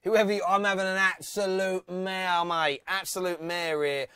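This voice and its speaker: A man's voice: high-pitched, level tone, normal speed, bright, forceful tone, smooth. A man hosting a live football phone-in, chatty and teasing, laughing often. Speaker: phone-in host. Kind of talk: live fan phone-in show.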